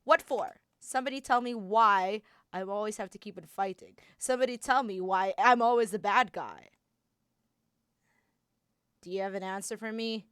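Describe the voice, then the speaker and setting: A woman voicing a bitter, enraged young male warrior in an improvised fan performance, speaking in halting, stammering bursts. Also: mid-range voice, a bit bright, clear, resonant tone, no room sound, studio quality, natural voice. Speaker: voice actor.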